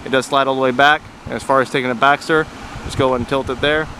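A salesman with a medium-pitched, steady, sharp voice speaks fast while leading a buyer around a used car in a walkaround video. It's recorded outdoors at a car lot with plenty of noise, and he keeps repeating "very, very" and calling the buyer "sir."

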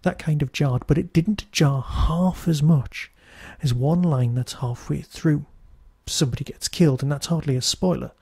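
A man's voice: fairly high pitch, normal speed, gravelly, hardly any pauses, dark tone, breathy edge, dry recording, studio quality. A Newcastle man with a Geordie accent hosting a podcast, reviewing in a chatty, wry, digressive monologue. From Newcastle, England. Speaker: podcast host.

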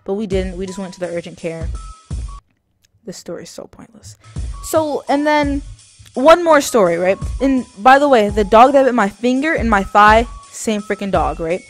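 A woman's voice: mid-range voice, animated, normal speed, faint music behind. A young woman vlogger telling a casual story, rambling with lots of fillers and self-mocking asides.

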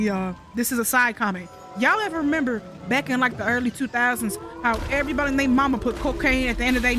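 A woman giving casual let's-play commentary, joking bluntly and sarcastically with heavy profanity and rambling asides to viewers. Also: on the high side. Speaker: gaming commentator.

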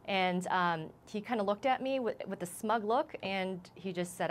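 A woman reporter in a live TV interview, shaken and emotional, speaking haltingly with many restarts. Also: lowish voice, slight background noise. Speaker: news reporter as guest.

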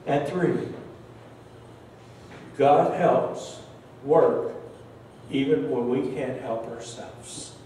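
Slow-preaching older pastor, echoey hall. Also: male voice, a little high, slight background noise. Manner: slow, earnest, emotional storytelling with soft trailing endings. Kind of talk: sermon. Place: large church sanctuary. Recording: very echoey church hall, distant mic.

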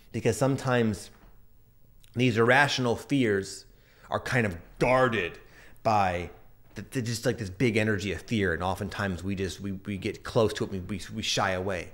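A man in his thirties giving a casual, earnest astrology update and sharing personal stories as he reflects. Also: lowish voice. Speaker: astrology and energy reader.

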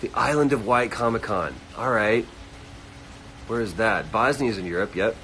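A man hosting a casual livestream, reading fan comments aloud and answering them quickly. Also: fairly low pitch, fairly bright tone, a little hiss or hum, low-quality recording. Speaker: livestream host answering chat. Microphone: phone livestream.

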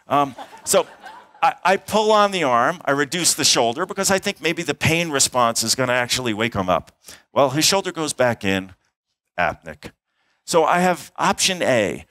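A middle-aged emergency physician and airway instructor gives a talk in a conference hall, telling a case story with acted-out dialogue and sound effects. His medium-pitched voice sounds pushed and bright, with no echo.

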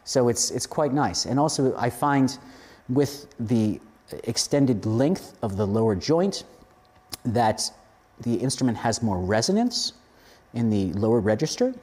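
Man, clarinetist, calm, technical explanation. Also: medium pitch, a little slow. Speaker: clarinetist giving feedback. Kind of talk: explanatory spoken review.

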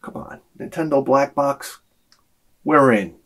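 A man's voice: medium pitch, slow pace. A man hosting a casual unboxing vlog, rambling and exclaiming as he tells stories. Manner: rambling, animated storytelling with frequent exclamations. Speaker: YouTube collector vlogger.

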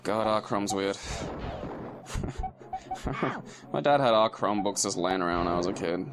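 A man's voice: on the low side, lively intonation, unhurried, noisy background. A young man giving casual let's play commentary. He swears freely and laughs often. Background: game music.

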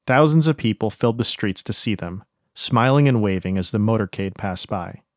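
A man, a podcast host, giving steady, measured scripted historical narration. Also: on the low side, dry recording, studio quality.

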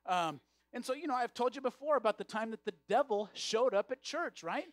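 A man's voice: extremely high pitch, lively intonation, a little fast, no echo. A male pastor preaching a sermon, often repeating words as he restarts his phrases.

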